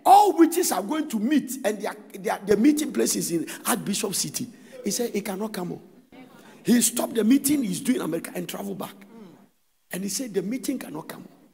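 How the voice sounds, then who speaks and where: A man with a Ghanaian English accent preaching a sermon as pastor, swinging between shouted, sing-song exhortation and quieter storytelling. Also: high-pitched, sing-song, brisk, gravelly, husky, in a large hall. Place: church hall.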